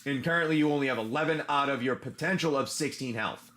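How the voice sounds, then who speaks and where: A man's voice: medium pitch, quick pace, fairly bright tone. A man running a casual tabletop-style adventure as game master, rambling with many restarts.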